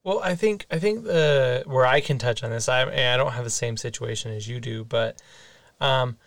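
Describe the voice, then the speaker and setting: A man's voice: medium pitch, normal speed, no room sound. A man co-hosting a casual podcast, offering supportive, reflective comments. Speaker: co-host.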